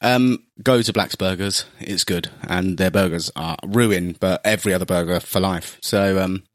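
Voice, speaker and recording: A young man with a London accent co-hosting a podcast, hoarse today, rambling and joking at his own expense. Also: sits low, moderate pace, dry recording, studio quality. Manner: jokey, self-mocking, rambling. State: hoarse from shouting the night before. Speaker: podcast co-host. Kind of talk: casual podcast chat.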